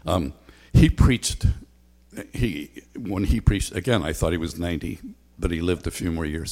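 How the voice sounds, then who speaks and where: A man preaching a sermon as a pastor, talking conversationally with frequent ums and a repeated refrain. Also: low-pitched. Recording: long hall reverb.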